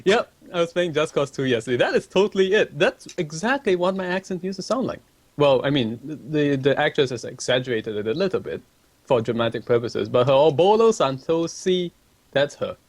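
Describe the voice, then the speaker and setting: A man's voice: a little high, expressive, a little fast. A man on a livestream casually reading out chat messages and answering them, polite and a bit hesitant, with ums and restarts. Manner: polite and laid-back.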